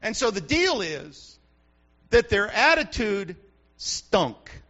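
Male pastor, high and bright voice, punchy repetitive preaching, muffled sermon recording. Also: sing-song, takes it slowly. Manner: emphatic, repetitive preaching with rhetorical questions.

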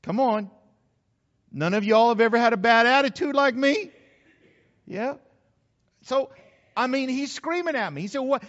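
A man's voice: extremely high pitch, lively intonation, a little slow, fairly bright tone. A middle-aged man preaching a conversational sermon, talking directly to his congregation and repeating key phrases for emphasis. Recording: muffled hall recording with long reverb.

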